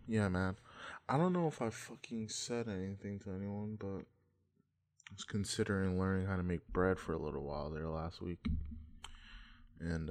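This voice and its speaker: A man's voice: sits low, darkish tone. A man rambling through a casual monologue, offhand, meandering and full of swearing.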